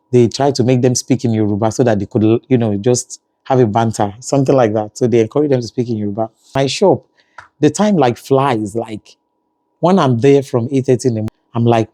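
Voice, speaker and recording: Nigerian man, dark mellow voice. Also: mid-range voice, no echo. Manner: conversational, frequent "you know" fillers. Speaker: family vlogger. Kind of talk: casual vlog monologue.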